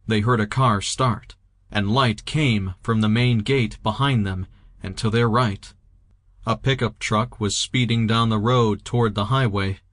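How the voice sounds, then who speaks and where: A man narrating an audiobook in a steady, even reading voice, recorded close to the mic. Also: lowish voice, no echo. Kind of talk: scripted narration.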